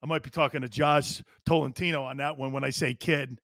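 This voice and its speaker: A man's voice: medium pitch, steady tone, brisk, a bit bright, dry recording, studio quality. A man hosting a live football talk show, blunt and sarcastic, mocking coach-speak and swearing casually. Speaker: sports talk show host. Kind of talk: live sports talk monologue.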